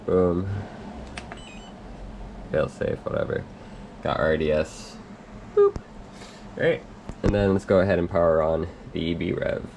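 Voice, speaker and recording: A young man under the weather, casually walking through a hands-on setup at a workbench with lots of ums and throat clearing. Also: low voice, moderate pace, noisy background. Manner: relaxed, rambling with many ums, clears throat. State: under the weather, slightly hoarse. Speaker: RC hobby video host.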